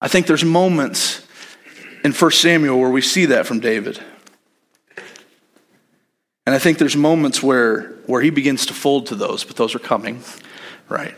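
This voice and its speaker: A man's voice: mid-range voice, measured pace, pauses often, fairly bright tone. A man preaching a sermon in a conversational, reflective and earnest way. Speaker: pastor.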